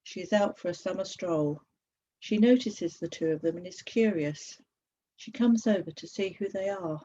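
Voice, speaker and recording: A woman reads her own picture book aloud, measured and steady. Her voice is low and mellow. The recording sounds slightly dull and lo-fi. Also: a little hiss or hum. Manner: slow, measured reading. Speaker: author.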